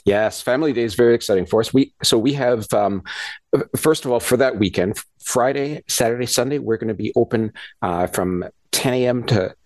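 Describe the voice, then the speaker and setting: A man speaking as a guest scientist in a radio interview, explaining ideas in a halting way with frequent restarts and repeated words. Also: mid-range voice, a little mellow, dry recording. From Canada.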